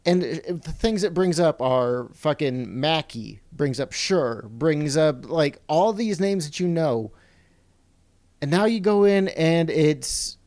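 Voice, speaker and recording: A middle-aged man on a video call podcast, griping bluntly and swearing often. His voice sits a little high for a man. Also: darkish tone, dry recording. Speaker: podcast co-host. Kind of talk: casual profane chat.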